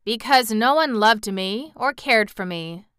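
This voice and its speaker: A woman's voice: fairly high pitch, animated, unhurried, fairly bright tone, smooth, no echo, studio quality. A woman voicing a shy, humble vagabond man in an audiobook, speaking earnestly and plainly. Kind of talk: audiobook character reading.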